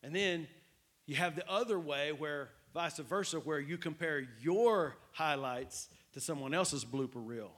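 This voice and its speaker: A male pastor preaches with energy and keeps checking in with his listeners. His voice sits a bit higher than most men's. He repeats his main points for emphasis. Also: a little slow. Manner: animated, repetitive preaching with call-outs to the crowd. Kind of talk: sermon.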